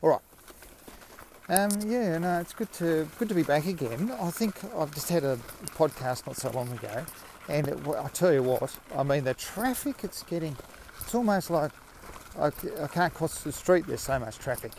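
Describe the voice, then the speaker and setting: A man's voice: fairly high pitch, expressive, normal speed, a little mellow, a little hiss or hum. An Australian man hosting a podcast, talking in a rambling, self-mocking way while out walking his dog. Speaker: podcast host. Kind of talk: casual rambling monologue.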